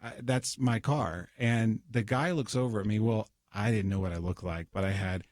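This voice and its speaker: A man's voice: on the low side, steady tone, brisk, darkish tone, no echo. A man, a guest in a radio studio, telling a personal story in casual conversation, with many restarts. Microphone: studio microphone.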